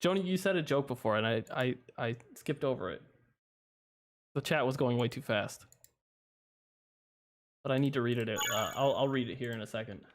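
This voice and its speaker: A man's voice: mid-range voice, normal speed, long pauses, a little hiss or hum. A young man streaming a game, chatting casually with viewers in a rambling, chuckling way, and sleepy at times. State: sleepy, yawning. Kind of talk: casual livestream commentary.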